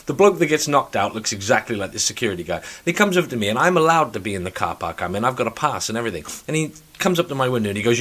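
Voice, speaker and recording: A man in casual chat, telling stories with loud mocking impressions and frequent swearing. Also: medium pitch, very animated, racing, hardly any pauses. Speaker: podcast co-host.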